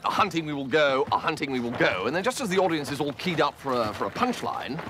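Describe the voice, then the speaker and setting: An actor playing a bumbling young English gentleman who hesitates and stammers, full of ums. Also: on the high side, big pitch swings, fast, a little hiss or hum. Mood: flustered.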